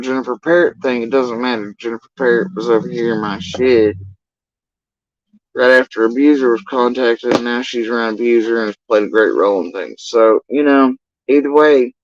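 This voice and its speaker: A man's voice: medium pitch, fairly even intonation, normal speed, no room sound, lo-fi sound. A man ranting on a livestream in an exasperated, profane, rambling way. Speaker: livestream commentator.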